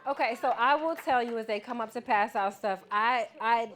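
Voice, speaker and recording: A woman's voice: fairly high pitch, moderate pace. Woman keynote speaker on a handheld mic, chatty and playful with the kids in the hall. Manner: lively, playful, calls on the crowd. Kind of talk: casual speech to a student audience. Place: event hall with an audience.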